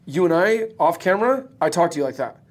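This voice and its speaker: Man, quick talker, blunt, swears freely, slightly higher voice. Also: animated. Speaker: guest, roofing business owner and coach. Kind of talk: casual podcast conversation.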